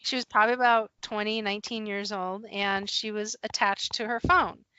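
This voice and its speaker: A middle-aged woman hosting a podcast as an HR professional, telling a workplace story in casual chat, animated and laughing often. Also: mid-range voice, normal speed, smooth, no room sound. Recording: dull, dry, slightly lo-fi podcast audio.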